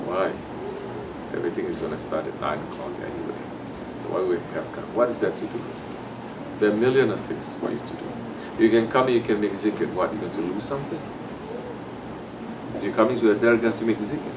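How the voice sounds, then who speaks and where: A man's voice: fairly low pitch, moderate pace, recorded from a distance, background noise. Man preaching from afar, admonishing. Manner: admonishing, acts out quoted excuses. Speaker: sufi sheikh. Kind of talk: sermon.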